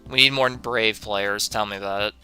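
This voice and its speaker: Bright, sarcastic young streamer man. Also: lowish voice, fairly even intonation, normal speed, soft background music. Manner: sarcastic, profane, often laughing. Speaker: game streamer. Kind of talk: live-stream commentary answering chat.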